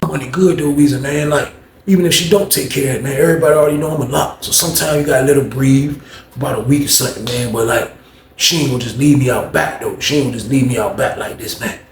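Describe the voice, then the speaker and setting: A man voicing a desperate male inmate in debt who talks low and pleads, recorded in an echoey room. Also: fast talker, slight background noise, lightly acted. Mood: rambling.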